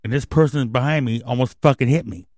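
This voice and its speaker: A male host tears through a profane, heated rant on his radio show. His voice sits at an ordinary middle pitch. The sound is dry and close, with no room around it. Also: fast talker, a little mellow, dry recording. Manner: angry, swearing constantly, heated.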